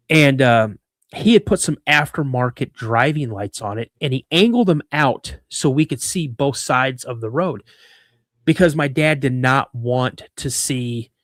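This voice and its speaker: A man in his fifties from Washington State, a guest telling a personal story in conversation, animated and acting out the dialogue, often repeating and restarting words. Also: medium pitch, dry recording. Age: 50s. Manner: animated storyteller who acts out quoted dialogue. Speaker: guest, cryptid researcher.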